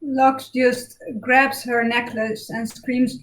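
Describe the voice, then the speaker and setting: Slow-talking woman player. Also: a little high, little pitch movement, rough recording. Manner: slow, deliberate, with fillers. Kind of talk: tabletop game play over a call.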